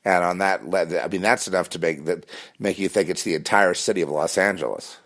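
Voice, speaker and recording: Low-voiced man, intense rambling monologue, repeats himself and restarts a lot. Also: a little fast, a bit bright. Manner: intense, insistent.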